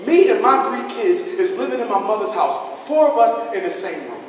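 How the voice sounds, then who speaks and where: An overwhelmed young single mother , put on by a man, begging earnestly for a little more time. Her voice sits high and carries in a big echoing hall. It is picked up from far off, with faint noise behind it. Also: sing-song, fairly quick. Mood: explaining. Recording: echoey hall, mic far off.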